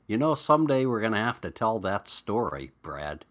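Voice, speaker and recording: A middle-aged man with a New England accent, rambling through stories and greeting viewers on a relaxed live chat. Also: lowish voice, moderate pace. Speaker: livestream host.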